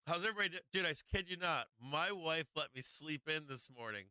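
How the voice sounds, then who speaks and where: A man's voice: fairly high pitch, fast talker, clear, resonant tone, dry recording. A middle-aged man hosting a live stock market stream, chatting casually with viewers and swearing freely. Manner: excitable, swears freely, talks to chat. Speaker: stock market livestream host. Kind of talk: casual live trading commentary.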